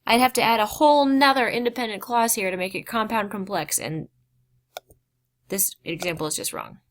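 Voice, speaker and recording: A woman teaching a grammar lesson. She explains slowly, stresses key words and drops casual asides. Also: mid-range voice, a little hiss or hum.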